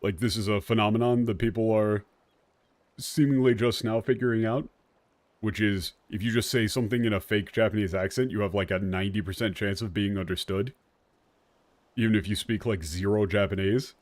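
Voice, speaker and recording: A man's voice: lowish voice, fairly even intonation, fairly quick, darkish tone, no room sound. A man streaming a video game, chatting casually in a rambling way and laughing often. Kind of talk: casual gameplay commentary.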